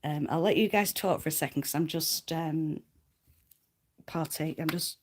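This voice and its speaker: A woman's voice: sits low, moderate pace, a little hiss or hum. A woman hosting a casual livestream, chatting to viewers in a rambling, self-deprecating way and laughing often. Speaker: livestream host reading cards.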